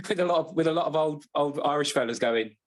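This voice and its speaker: A man's voice: on the high side, brisk. Man rambling through a football anecdote. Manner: rambling anecdote with self-corrections. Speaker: podcast co-host. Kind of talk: casual football chat.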